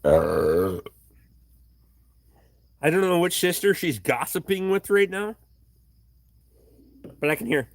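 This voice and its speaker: With a fairly high voice that swings hugely in pitch, a man reads viewer comments slowly, leaving long pauses, on a casual livestream shot on a tripod camera in his home workshop. He swears freely in a blunt, offhand manner, and there's a little hiss or hum.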